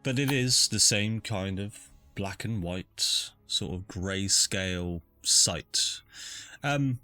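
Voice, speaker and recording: A man's voice: low voice, takes it slowly, bright, forceful tone, faint music behind. A man narrating a tabletop game as game master, chatty and descriptive with plenty of fillers. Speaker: dungeon master.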